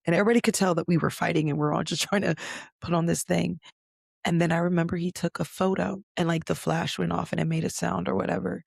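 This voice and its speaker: A woman's voice: fairly low pitch, fairly even intonation, fast talker, creaky, slightly rough, no room sound, studio quality. A young adult woman hosting a podcast, telling a personal story in a candid, conversational way with frequent fillers and the odd swear word. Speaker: podcast host.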